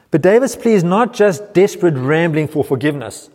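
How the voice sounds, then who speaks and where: A man's voice: a little high, expressive, brisk, a little mellow. A middle-aged man preaching a sermon as pastor, earnestly explaining and quoting scripture. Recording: reverberant church hall.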